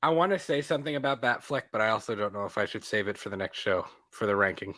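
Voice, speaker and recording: A man's voice: lowish voice, fairly even intonation, fast talker, bright, forceful tone, no echo. A man co-hosting a podcast in casual chat, laughing often and trailing off into restarts. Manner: laughs often, trails off and restarts, puts on a gravelly movie voice as a joke. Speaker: podcast co-host.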